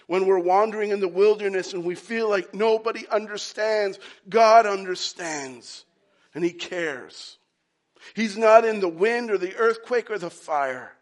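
A man preaching a sermon, dropping to hushed whispers and rising to loud, emphatic shouts, with deliberate pauses. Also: sits high. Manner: dramatic pauses, slow deliberate phrasing. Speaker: pastor.

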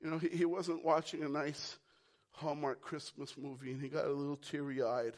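A man preaching a sermon, repeating phrases for emphasis and swinging from shouts down to a hushed whisper. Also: a little high, level tone, normal speed. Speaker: pastor.

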